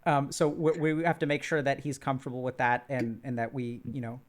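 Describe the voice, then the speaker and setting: A man's voice: medium pitch, little pitch movement, fairly quick. A man facilitating an online group session, talking casually with many fillers and restarts.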